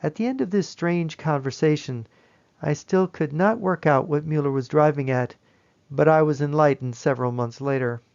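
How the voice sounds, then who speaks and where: A man giving a lecture-style presentation, telling the story in a measured, emphatic way. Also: on the high side, vocal fry, a little mellow, lo-fi sound.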